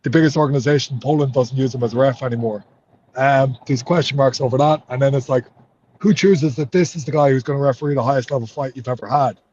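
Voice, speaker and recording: A man's voice: medium pitch, steady tone, fast, darkish tone, highs cut off, slight background noise. A man with an Irish accent, a fighter in an interview, talking heatedly and swearing a lot. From Ireland. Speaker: MMA fighter.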